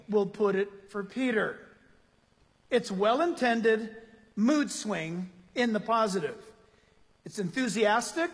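A man preaches a lively sermon, firing off rhetorical questions at his congregation. His voice sits very high and has a husky edge. The sound rings with the long reverb of a large church hall. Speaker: pastor.

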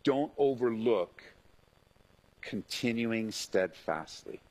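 Husky, lively-voiced man preaching a sermon. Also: lowish voice, slow pace, low-quality recording. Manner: animated preaching, acts out quoted voices. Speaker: pastor.

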